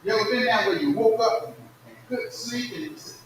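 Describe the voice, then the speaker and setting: A man preaching a sermon in a church, calling out to the congregation and swinging from soft murmurs to loud shouts. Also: very high-pitched, brisk, slight background noise. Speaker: pastor. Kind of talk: call-and-response sermon. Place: church sanctuary. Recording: echoey distant church livestream recording.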